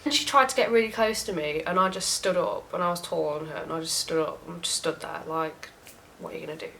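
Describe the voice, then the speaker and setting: A young woman telling a story in a casual rant, frank and animated, swearing often. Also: on the low side, a little fast, slight background noise, rough recording. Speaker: vlogger.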